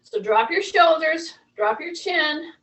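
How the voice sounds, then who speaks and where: A woman's voice: sits high, animated, slow pace, fairly bright tone, far from the mic, low-quality recording. A woman fitness instructor talking viewers through a workout, chatty and coaching, repeating her cues.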